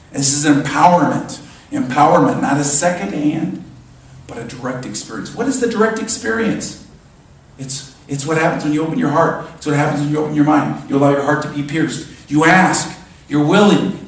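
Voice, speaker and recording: A man delivering a sermon as a minister, animated and emphatic, often repeating his phrases. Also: a little high. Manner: animated, emphatic preaching with repetitions. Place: church sanctuary. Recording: echoey church hall from far off.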